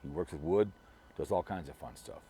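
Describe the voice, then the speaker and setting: A man's voice: rumbling low, fairly quick, mellow, slight background noise. A middle-aged man from Minnesota talking to his viewers in a rambling, gossipy way, full of restarts and repeated words. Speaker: vlogger. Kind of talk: casual rambling monologue.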